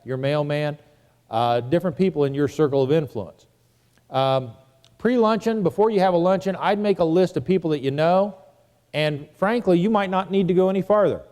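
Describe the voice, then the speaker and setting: A man leads a seminar, talking through a phone script one step at a time in a plain, conversational way. His voice sits a little high for a man. It was recorded live in a hall with a long reverb tail. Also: darkish tone, clear, resonant tone. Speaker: real estate investing instructor. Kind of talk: seminar lesson.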